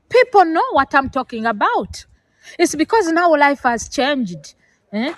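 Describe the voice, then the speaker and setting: A woman's voice: high voice, big pitch swings, unhurried, a bit bright, no echo, rough recording. A middle-aged woman from Africa giving an earnest, lecturing talk about parenting, with many fillers and restarts, emotional and near tears. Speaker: vlogger. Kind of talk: emotional personal talk to camera.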